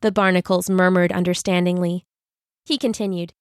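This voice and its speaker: Gentle woman reading a children's story. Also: mid-range voice, flat delivery, moderate pace, no room sound, studio quality.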